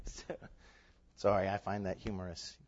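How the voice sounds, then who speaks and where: A man preaching a sermon in a church, lively and emphatic, moving between loud declarations and quiet asides. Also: on the high side, normal speed, a little hiss or hum. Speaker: pastor. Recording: dull sound with long hall reverb.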